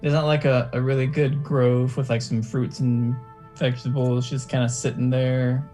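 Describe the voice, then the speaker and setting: A man playing a tabletop game, halting and breaking off his sentences. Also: mid-range voice, level tone, warm tone, faint music behind. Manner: halting, self-interrupting. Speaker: player.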